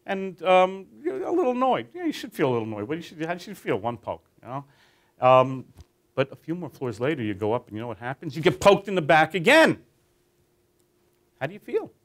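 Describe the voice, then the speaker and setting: A man's voice: on the high side, a little fast. A man leading a training class through a guided teaching tale, talking animatedly and quizzing his listeners. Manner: animated, addresses listeners with questions.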